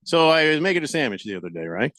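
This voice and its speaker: This radio talk show host tells stories through easygoing banter, bringing quoted people to life with his own voices. He speaks quickly in a fairly high voice into a studio microphone.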